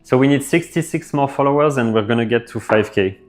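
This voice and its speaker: A man's voice: medium pitch, brisk, soft background music. A man chatting on a live coding stream, reading viewer messages and answering them off the cuff with plenty of fillers. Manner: relaxed, thinks aloud with fillers, reads chat messages out.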